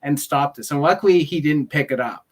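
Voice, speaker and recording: Co-host, male, higher register, exasperated animated ranter on a film chat show. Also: a little fast, a little hiss or hum. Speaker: podcast co-host. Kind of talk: casual film discussion.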